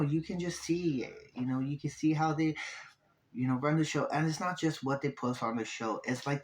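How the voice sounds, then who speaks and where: A man recaps a reality show in a loose, casual way. His talk is profane and animated, full of quick asides and sudden jumps up in pitch as he mocks the cast. His voice sits at a middle pitch for a man. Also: a little hiss or hum, poor audio.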